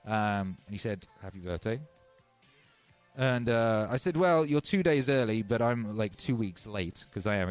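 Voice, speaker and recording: A man hosting a livestream, chatting casually in a laid-back, slangy, rambling way. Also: medium pitch. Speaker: livestream host.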